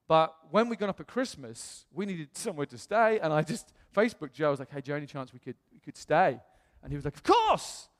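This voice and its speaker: Chatty male pastor in reverberant hall. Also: fairly high pitch. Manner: chatty, animated storytelling with laughs and self-quotes. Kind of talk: storytelling sermon. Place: church hall. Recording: long church-hall reverb.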